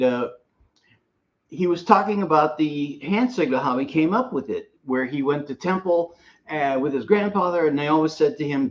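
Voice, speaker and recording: A man's voice: medium pitch, dull audio. A man co-hosting a casual chat, rambling through stories and laughing often. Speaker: co-host.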